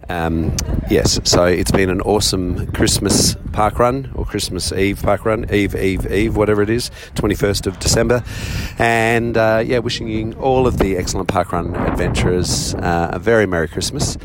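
Rambling low-voiced Australian man. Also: moderate pace, hardly any pauses, very noisy. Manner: rambling, chatty, self-deprecating. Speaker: podcast roving reporter. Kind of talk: casual field report. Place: outdoors then a cafe.

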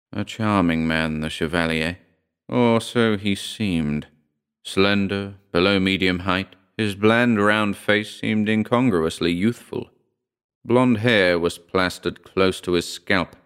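Male audiobook narrator, very low and smooth, measured first-person horror reading. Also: fairly bright tone.

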